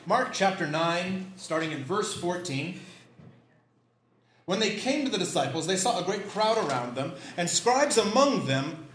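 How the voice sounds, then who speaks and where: A man leading a prayer, reading scripture aloud and preaching in a conversational, animated way with self-deprecating asides. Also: high-pitched, a little slow, slight background noise. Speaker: pastor.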